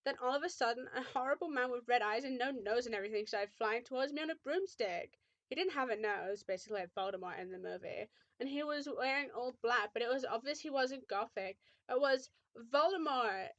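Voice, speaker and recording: A woman's voice: a little high, brisk, a bit bright, no echo, dull audio. A young woman reading a fan fiction aloud with mock drama, often breaking off to make sarcastic remarks.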